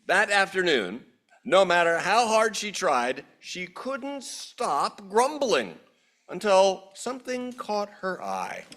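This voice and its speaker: A male minister reads aloud in a gentle, expressive storytelling manner. His voice sits a little high and moves a lot in pitch, and he takes each phrase slowly. He also leads a church ceremony.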